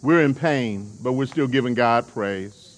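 A man's voice: medium pitch, measured pace. A male preacher delivering a sermon, emphatic and calling on the congregation to respond.

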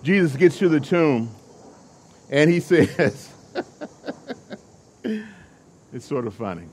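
Emphatic preacher with a high-ish voice. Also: male voice, lively intonation, slow, long pauses, a bit bright. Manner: emphatic, with call-and-response to the congregation. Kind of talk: sermon.

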